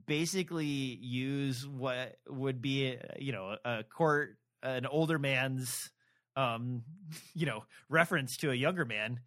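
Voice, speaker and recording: Man, bright voice, rambling hesitant chat, lots of ums, podcast co-host. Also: medium pitch, slow. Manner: rambling, hesitant, many fillers. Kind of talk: casual book discussion.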